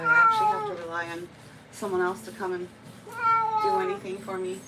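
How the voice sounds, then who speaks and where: A woman's voice: on the high side, big pitch swings, brisk, vocal fry, heavy background noise. A woman cat groomer chatting on a live stream, cooing baby talk to the cat she grooms.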